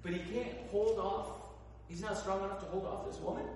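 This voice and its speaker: A male pastor preaches with lively, storytelling energy, acting out the people in his tale. His slightly high voice is heard from a distance, ringing through a large, reverberant hall with a faint background hum. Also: a little fast. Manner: animated storytelling, acts out characters. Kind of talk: sermon. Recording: echoey hall, voice from far off.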